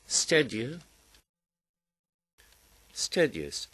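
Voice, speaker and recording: A man who speaks Kurdish natively, teaching English grammar by slowly repeating and drilling word forms. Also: medium pitch, big pitch swings, a bit bright, breathy edge. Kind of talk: language lesson.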